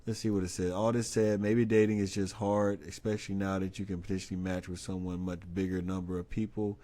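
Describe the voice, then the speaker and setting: A man with a deep, dark-toned voice speaks fairly quickly in a flat delivery. Hosting a casual live stream, he reads an article aloud and keeps breaking off into incredulous asides, stammering and restarting often.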